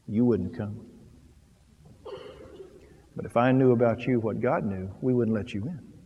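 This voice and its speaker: A man preaching a sermon, moving from quiet, low asides to loud, rising emphasis and acting out little scenes. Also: a little slow, long pauses, in a large hall, dull audio, a little hiss or hum.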